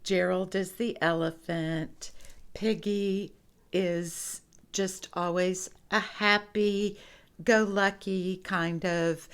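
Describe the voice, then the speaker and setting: A woman's voice: lowish voice, smooth. A woman reading a picture book aloud to children, asking the listener questions about the pictures. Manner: slow, expressive, asks the listener questions. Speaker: storybook reader.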